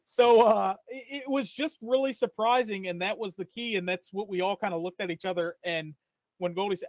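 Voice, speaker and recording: Man, podcast co-host, high voice, dry close sound, animated rambling chat. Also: a little fast, no room sound, poor audio. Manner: animated, rambling, with many fillers and restarts. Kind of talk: casual wrestling chat.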